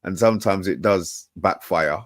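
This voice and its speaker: Male co-host, lower pitch, dry close recording, relaxed, halting delivery. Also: dry recording. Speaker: co-host of a fan channel live show. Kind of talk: casual live-stream chat.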